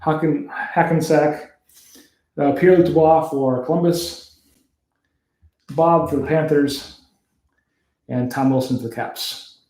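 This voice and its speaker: A man's voice: fairly high pitch, slow, long pauses, a little mellow, echoey room. A Canadian man hosting a card break, casually calling out player names and laughing at the hard-to-pronounce ones. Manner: reads off player names, chuckles at tricky pronunciations. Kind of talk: casual card-opening commentary.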